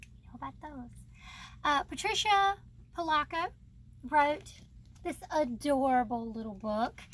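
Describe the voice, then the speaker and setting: A woman's voice: high-pitched, a bit bright, slight background noise. A young woman hosting her book channel, chatting casually and bubbly, laughing often. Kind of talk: casual chat about books.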